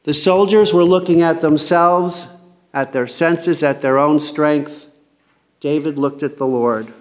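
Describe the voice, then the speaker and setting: High-voiced man giving a casual sermon. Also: slow pace. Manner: reads scripture aloud then comments in a chatty, joking way. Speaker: bible teacher. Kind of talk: casual sermon reading scripture.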